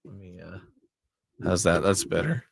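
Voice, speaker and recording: A man's voice: deep voice, a little slow, vocal fry. A man, a radio producer, chatting loosely with a livestream audience in an easygoing, rambling way. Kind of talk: casual chat on a livestream.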